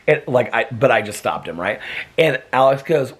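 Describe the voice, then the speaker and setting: A man's voice: mid-range voice, normal speed, breathy edge. An American man vlogging at home in a rambling, chatty way, talking to his dog. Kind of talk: casual chat. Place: home, indoors. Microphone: camera.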